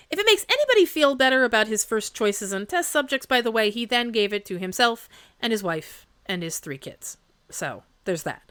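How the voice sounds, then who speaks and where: Woman podcast host, lively wry storyteller, dry close sound. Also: a little high, dry recording. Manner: chatty and wry, with quick asides and filler likes. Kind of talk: casual history podcast storytelling.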